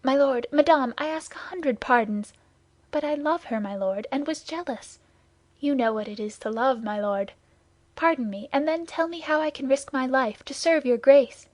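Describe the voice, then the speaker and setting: A woman's voice: sits high, normal speed, no echo. A woman reading aloud, voicing a jealous, hot-headed young male swordsman in an impassioned, pleading way.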